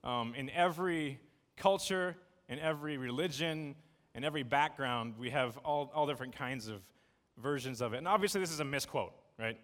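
A man in his thirties giving a casual, jokey sermon to a congregation, telling stories in a lively, conversational way. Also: medium pitch, moderate pace. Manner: conversational, jokey, animated storytelling. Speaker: preacher. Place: church sanctuary. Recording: long reverb of a church hall.

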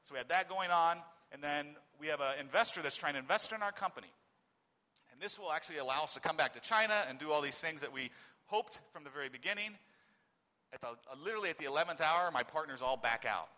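Man, forties, personal testimony, bright forceful tone, loud emphasis dropping to quiet halting phrases, long hall reverb. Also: fairly high pitch, expressive. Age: 40s. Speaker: speaker giving a personal testimony.

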